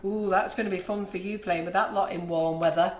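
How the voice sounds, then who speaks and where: Woman, co-host, chatty, lowish voice, echoey room, faint background noise. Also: steady tone, a little fast. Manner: chatty, reads out comments and asks questions. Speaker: co-host reading viewer comments. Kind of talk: live stream chat. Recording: echoey kitchen.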